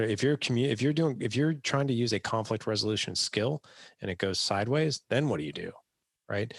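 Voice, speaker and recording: A low, gravelly man chatting as an interview guest, close to the mic in a dry room. He tells stories with energy and lifts his voice to act out what others said. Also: no echo. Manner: animated storyteller, acts out quotes in raised voice. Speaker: podcast guest, dad coach. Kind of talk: casual interview chat.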